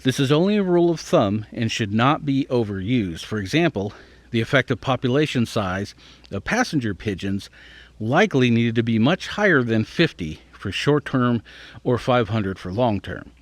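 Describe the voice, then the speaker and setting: A podcast host with a mid-range voice reads an article aloud, sounding animated and moving at a moderate pace. He breaks off to muse and stumbles over hard words, recorded dry.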